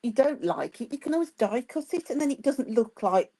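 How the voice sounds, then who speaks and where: A woman with a Birmingham accent and a slightly higher voice chats casually as co-host of a craft stream. She passes on viewer comments and gently encourages people to try things. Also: animated, brisk, slightly rough. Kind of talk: casual live-stream chat.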